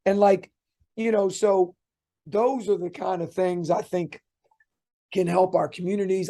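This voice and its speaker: Middle-aged male coach guest, chatty storyteller, pitched a bit high with a mellow tone. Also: creaky. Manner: chatty, restarts often, lively anecdotes. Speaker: college basketball coach. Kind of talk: interview guest, rambling storytelling.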